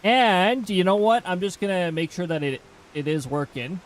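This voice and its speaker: A man's voice: high-pitched, animated, moderate pace, poor audio. A man streaming a game, chatting casually with rambling asides.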